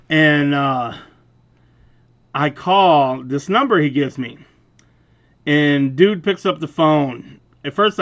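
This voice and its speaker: Male vlogger, young adult, booming and a touch high-pitched, profane, animated storyteller. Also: creaky. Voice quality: loud, booming voice. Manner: animated, profane, laughs through the retelling. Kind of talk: casual storytelling rant.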